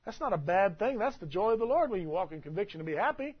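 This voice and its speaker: Husky high-voiced preaching man. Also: big pitch swings, fast talker, muffled recording. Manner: emphatic preaching, swings loud and soft. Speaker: pastor. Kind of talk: sermon.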